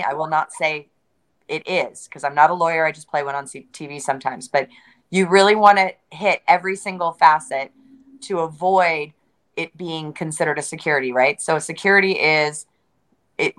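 Interview guest, woman, lower-pitched, emphatic and wry, repeats key words. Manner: joking, conversational. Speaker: interview guest, crypto entrepreneur. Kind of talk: casual interview.

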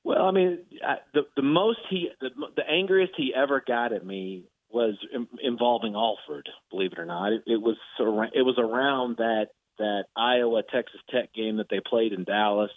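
Animated male sportswriter on a phone line. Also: medium pitch, moderate pace, hardly any pauses, dry recording. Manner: animated anecdote-telling with frequent laughter. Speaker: sportswriter guest. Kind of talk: casual storytelling.

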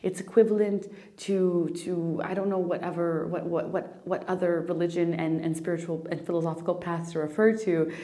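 Woman, podcast host, near tears, earnest, repeats herself, low-ish dark tone. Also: flat delivery, moderate pace, hardly any pauses. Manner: earnest, emotional, repeats affirmations, restarts often. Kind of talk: personal spiritual podcast monologue.

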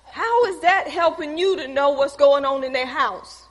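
A woman's voice: high voice, a little slow, in a large hall. A woman voicing God as a blunt, fatherly figure who rebukes with pointed questions. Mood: stern.

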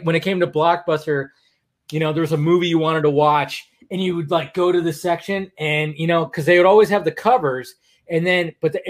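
Animated man telling stories, casual. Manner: animated storytelling, jumps high when acting out quotes. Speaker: stream host. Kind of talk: casual chat.

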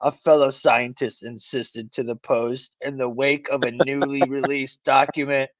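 A man's voice: fairly high pitch, no echo, highs cut off. Slangy man reading news with jokes. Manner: loose, slangy, reads news aloud with joking asides. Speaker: co-host. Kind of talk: casual call-in talk show banter.

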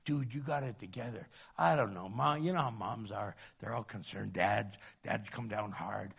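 A man voicing a flattering, laid-back buddy who talks in a lazy, dismissive way. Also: on the low side, normal speed, pitched below the performer's own voice, full character voice. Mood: coaxing. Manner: lazy, smooth-talking, dismissive.

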